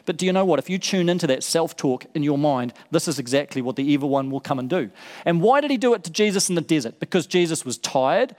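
Male pastor, sermon delivery, earnest and repetitive for emphasis, somewhat high pitch, reverberant hall. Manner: earnest, repeats words for emphasis.

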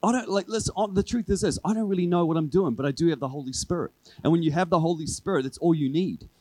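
A man preaches to his congregation in an easygoing, chatty way, circling back to the same line again and again for emphasis. His voice sits a little higher than most men's. The recording is dry and close, with hardly any room sound. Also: fast, no echo, low-quality recording. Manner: conversational, animated preaching with repeated refrains. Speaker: pastor. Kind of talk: sermon. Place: church service with a congregation.

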